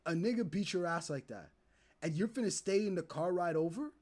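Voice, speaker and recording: A young man streaming, ranting to his chat in animated, profane commentary and acting out the people he talks about. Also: high-pitched, brisk. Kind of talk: casual commentary to live chat.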